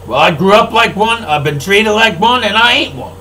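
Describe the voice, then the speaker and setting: An older man delivers a profane, rambling monologue in a high, piercing voice. He runs a record label and talks like he's been mad for years, shouting some points and grumbling others under his breath. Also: lively intonation, moderate pace, slight background noise, poor audio. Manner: profane, rambling, swings between loud outbursts and low mutters. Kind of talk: angry ranting monologue.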